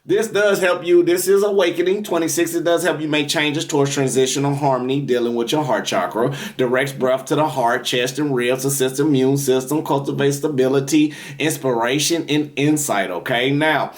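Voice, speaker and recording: A man's voice: medium pitch, normal speed, few pauses. A man giving a tarot reading, leading prayer and guided breathing in a preachy, repetitive way. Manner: preachy, repetitive, calls out to viewers. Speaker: tarot reader. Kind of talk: spiritual reading with guided meditation.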